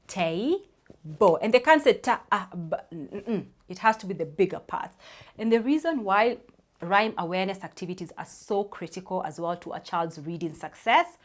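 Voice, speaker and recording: A woman's voice: mid-range voice, expressive, moderate pace. A woman in her thirties, a speech therapist, explaining reading tips to parents in a chatty way, often saying "you know" and spelling out sounds.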